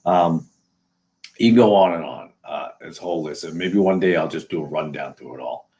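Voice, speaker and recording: A man's voice: low voice, fairly quick, mellow. A man from New England hosting a casual solo video, talking in a sarcastic, rambling way with many fillers and restarts. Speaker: video host.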